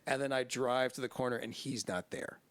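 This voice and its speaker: Profane storytelling podcast host, close and dry. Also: male voice, mid-range voice, steady tone, fairly quick, a bit bright, no room sound. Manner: profane rambling storyteller who laughs at his own stories. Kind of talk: casual podcast chat.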